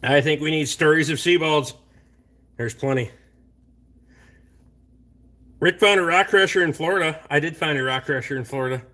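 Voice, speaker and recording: Bright-voiced, foul-mouthed man. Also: fairly high pitch, normal speed, long pauses. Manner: profane, blunt and rambling. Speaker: livestream host reading chat. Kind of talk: casual late-night chat.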